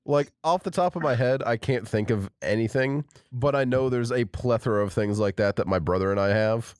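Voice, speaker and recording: A man, co-hosting a podcast in a relaxed, chatty, self-deprecating way. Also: medium pitch, a little fast, clean tone, no echo, clean studio sound. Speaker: podcast co-host. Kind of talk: casual chat.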